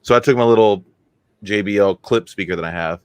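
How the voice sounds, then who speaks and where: Low-voiced man rambling through crude stories. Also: brisk, darkish tone, smooth, dry recording. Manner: rambling, crude storytelling with laughs. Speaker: podcast co-host. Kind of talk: casual podcast chat.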